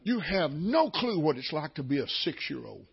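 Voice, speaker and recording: Older guy doing a whiny little six-year-old girl, pitched way up, pleading, husky underneath. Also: big pitch swings, moderate pace, dull audio, exaggerated voice.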